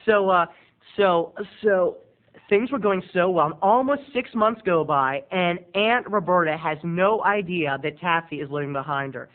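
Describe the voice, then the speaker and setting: A man's voice: sits high, animated, normal speed, hardly any pauses. A man telling a family story in a dramatic, theatrical way as a video blogger. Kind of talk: animated storytelling. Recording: tinny lo-fi phone-like sound.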